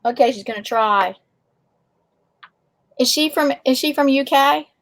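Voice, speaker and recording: Chatty high-voiced woman. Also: a little slow, fairly bright tone. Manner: chatty, repeats herself, welcoming viewers. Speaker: livestream co-host. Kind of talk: casual chat.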